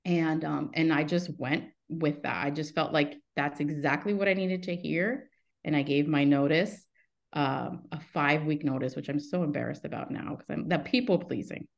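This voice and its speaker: A woman's voice: deep voice, moderate pace, creaky. A woman in her thirties, a podcast guest telling her story in a casual, rambling way, breaking off mid-sentence and acting out the lines of people in it. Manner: rambling, self-interrupting storytelling; acts out quoted dialogue in her stories. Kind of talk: casual interview chat.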